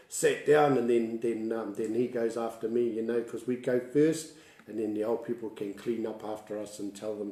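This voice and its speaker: A man's voice: mid-range voice, steady tone, normal speed, dark tone, echoey room. A man with a New Zealand accent, a Māori language tutor telling stories in a casual livestream lesson, chatty and laughing often.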